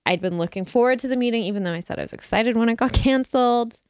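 A woman's voice: fairly high pitch, fast, a little mellow, smooth, no room sound, clean studio sound. A woman hosting a podcast, telling a story in a chatty, self-mocking way and laughing often. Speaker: podcast host. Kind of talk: casual chat.

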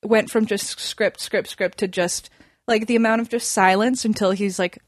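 A young woman chats her way through a story, looping back with fillers and restarts as she goes. Her voice is of middle pitch, recorded close and dry with no room sound. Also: steady tone, normal speed, no echo. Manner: chatty, many fillers and restarts. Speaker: podcast guest. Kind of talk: casual storytelling.

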